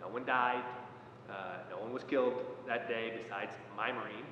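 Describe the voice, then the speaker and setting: A man who was a Marine platoon commander, speaking in a measured, reflective way with many pauses and fillers. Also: mid-range voice, fairly even intonation, pushed and bright, a little hiss or hum. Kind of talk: reflective talk. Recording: echoey hall, dull lo-fi sound.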